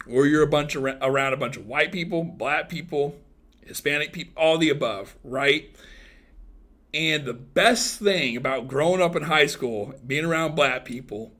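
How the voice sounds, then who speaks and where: A man in his thirties hosts a casual livestream in a medium-pitched voice. He teases his viewers and jokes crudely, swinging from loud outbursts to mumbled asides.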